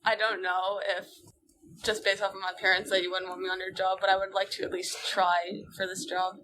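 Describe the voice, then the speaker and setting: A player at a tabletop game asks questions in a playful, casual way. The voice is bright and sharp, with faint hiss behind it. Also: mid-range voice, level tone, a little fast, rough recording.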